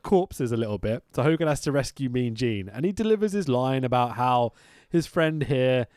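A man's voice: mid-range voice, expressive, moderate pace, a little mellow, smooth, no echo, studio quality. A man co-hosting a casual chat, swearing freely and laughing often as he mocks what he describes. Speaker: podcast co-host.

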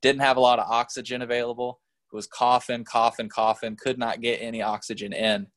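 Relaxed rambling man telling a story. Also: medium pitch, brisk. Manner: relaxed, rambling, swears, many fillers. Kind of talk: casual storytelling chat.

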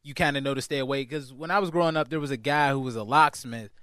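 A man chatting casually as a guest, in a relaxed way with laid-back slang. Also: medium pitch, fast, dry recording, studio quality. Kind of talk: casual chat.

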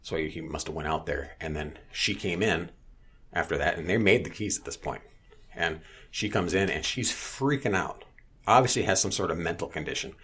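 Deep husky man, blunt and profane. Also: normal speed, fairly bright tone. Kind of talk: casual chat, storytelling.

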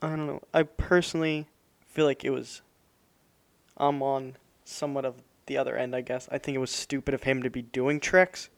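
Smooth-voiced young man in casual podcast chat. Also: mid-range voice, level tone, normal speed. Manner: rambling, hedging, with many fillers. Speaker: podcast co-host.

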